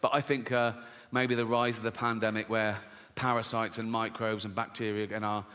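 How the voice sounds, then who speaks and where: This middle-aged comedian's pitch is fairly low, his tone level and sharp, his pace moderate, as he delivers a profane, mock-outraged rant. He's performing live on a theater stage for an audience, with long hall reverb and background noise around him.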